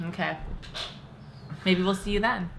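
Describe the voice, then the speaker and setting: A woman's voice: fairly low pitch, expressive, fast talker, bright, forceful tone, slight background noise. A woman co-hosting a casual chat show, riffing jokes and puns in a playful way. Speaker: co-host.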